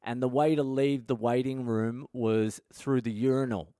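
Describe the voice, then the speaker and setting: A man's voice: mid-range voice, steady tone, normal speed, mellow, clean tone, no room sound, clean studio sound. A man in his thirties, a podcast host telling a raw, profane, confessional personal story. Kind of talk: candid storytelling monologue.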